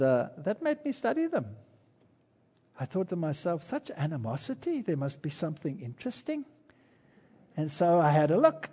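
A man's voice: high-pitched, warm tone, big-room sound. A man giving an earnest, emphatic sermon-style history lecture, telling the story and adding asides from his own life. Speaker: preacher.

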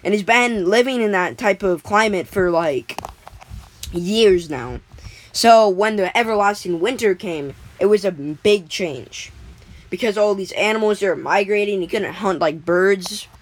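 A woman's voice: medium pitch, a little slow, low-quality recording. A woman casually making up a story as she goes, rambling with lots of fillers and restarts.

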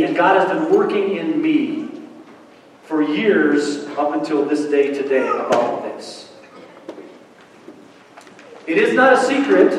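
A male pastor with a fairly high voice preaches a sermon, chatty and playful, hammering home points with repeated phrases. He is picked up from a distance in a big church sanctuary. The long reverb of the hall and a faint background hum surround every word.

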